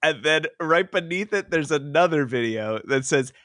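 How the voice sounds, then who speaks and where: A man co-hosting a podcast in casual chat, telling stories quickly and laughing often. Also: a little high, expressive, fairly bright tone, dry recording, clean studio sound. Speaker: podcast co-host.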